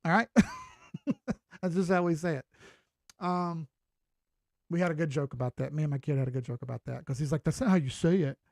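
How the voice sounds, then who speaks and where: A man's voice: on the high side, normal speed, vocal fry, pauses often, darkish tone, no room sound, studio quality. A middle-aged man with a Southern US accent, giving casual, folksy crypto chart commentary with some swearing. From Southern United States. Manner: folksy, chatty, mild swearing.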